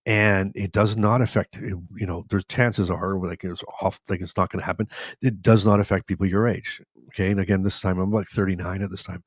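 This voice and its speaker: A man in his forties, from Canada, hosts a live stream and tells his own story in a candid, rambling way, acting out what people said. His voice sits a little low and is recorded dry and close, with no room sound. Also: brisk, slightly rough, no echo. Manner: candid, rambling, animated retelling with self-quotes. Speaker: host.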